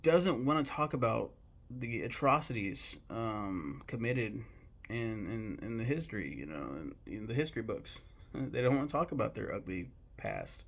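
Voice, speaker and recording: Profane rambling young man with gravelly voice. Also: fairly low pitch, very animated, moderate pace. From United States. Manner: blunt, profane and rambling, with bursts of mock outrage. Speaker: host ranking films. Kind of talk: casual opinion talk.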